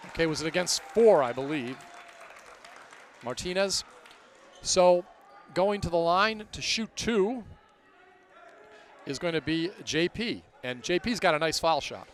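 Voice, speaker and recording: A man announcing a basketball game play by play, getting loud and excited during plays. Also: fairly high pitch, a little slow, a faint crowd. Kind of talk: live basketball commentary.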